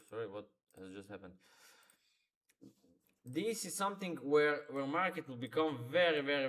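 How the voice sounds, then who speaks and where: Man talking through charts live. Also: mid-range voice. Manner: instructive, repeats phrases, non-native grammar. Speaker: trading streamer. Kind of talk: live market commentary.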